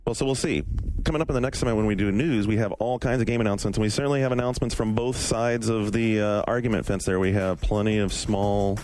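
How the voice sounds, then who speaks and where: Low-voiced man hosting a podcast. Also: fast talker, hardly any pauses, slight background noise. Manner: relaxed, leads the segments and news. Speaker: podcast host. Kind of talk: casual chat.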